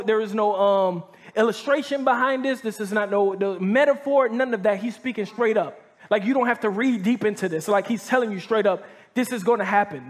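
A male pastor preaching a sermon to a live audience in a casual, slangy way, often checking in with "right?" and restarting sentences. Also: high-pitched. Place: church hall before a live audience.

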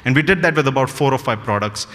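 A man with an Indian English accent giving a humorous keynote talk, telling stories with animated energy and chuckling at his own jokes. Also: medium pitch, fast. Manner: animated storytelling, mixes in Hindi phrases, laughs at own jokes. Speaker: speaker at a corporate event. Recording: reverberant hall.

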